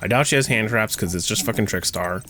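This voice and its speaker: A man's voice: fairly low pitch, quick pace, pushed and bright, soft background music. A young man commentating his own card game play, ranting and swearing as his frustration builds. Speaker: gaming streamer. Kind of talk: gameplay commentary.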